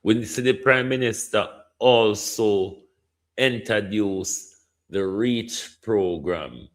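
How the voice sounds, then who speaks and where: A man's voice: lowish voice, takes it slowly. A Jamaican man giving indignant political commentary, slipping between patois and standard English. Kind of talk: opinion commentary.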